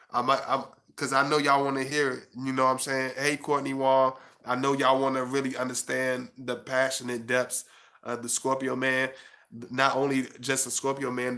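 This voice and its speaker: Male stream host, bright tense tone, level monotone delivery, halting casual chat, hushed readings. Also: mid-range voice. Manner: halting, with many restarts while chatting; slow and hushed when reading his prose. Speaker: author and channel host.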